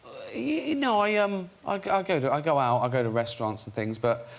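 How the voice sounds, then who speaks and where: A man's voice: fairly high pitch, fairly quick, vocal fry. A British man on a chat show, chatting through a story and acting out the fans he quotes. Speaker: comedian guest. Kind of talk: comic anecdote on a chat show. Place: TV studio with audience.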